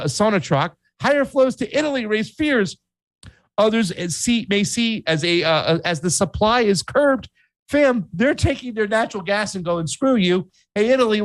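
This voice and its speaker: Brief: male commentary host, higher pitch, dry close mic, slangy and animated over news clippings. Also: no room sound, low-quality recording. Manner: animated, reads headlines aloud, says "fam", voices countries in mock quotes. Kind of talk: casual political commentary.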